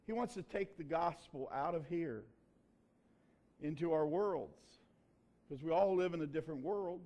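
A man's voice: on the high side, measured pace, dark tone, muffled recording. Folksy man preaching a sermon. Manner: folksy, conversational preaching with dialect grammar. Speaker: pastor. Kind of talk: sermon with personal story.

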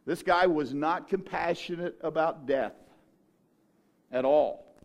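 Animated male pastor preaching. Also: fairly high pitch, slow, pauses often. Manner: animated storytelling, swings from quiet to shouting. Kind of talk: sermon.

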